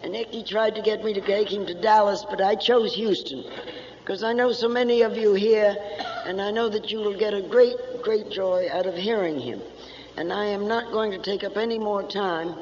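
A man's voice: high voice, steady tone, normal speed, a little mellow. A man acting as chairman, giving a friendly, brief introduction of the speaker to the audience. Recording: muffled old recording with faint room noise.

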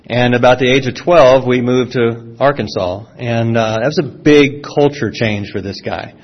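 A middle-aged man from Florida with a Southern accent gives a personal testimony to a live audience, his voice pitched at an ordinary middle. He tells the story in a folksy, self-deprecating way, restarting his phrases often. The recording sounds somewhat dull and lo-fi. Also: moderate pace. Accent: Southern American. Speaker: speaker sharing a recovery testimony.

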